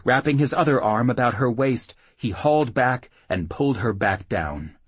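Male audiobook narrator, husky, lively intonation, dry close read. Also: medium pitch, normal speed, no room sound. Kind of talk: scripted narration.

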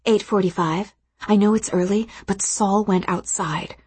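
Teasing young woman, playful and bold, husky, from a storybook read by a woman. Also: medium pitch, fairly even intonation, unhurried, darkish tone, no echo.

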